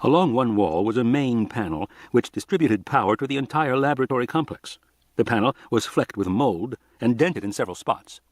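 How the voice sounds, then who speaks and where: A man narrating an audiobook in an expressive, dramatic reading style. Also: mid-range voice, fairly quick, no echo.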